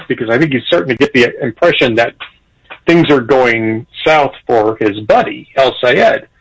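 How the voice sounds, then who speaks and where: A man discussing politics on a radio talk show, animated, chuckling, with frequent restarts. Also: medium pitch, husky, low-quality recording. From Irish heritage. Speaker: political commentator.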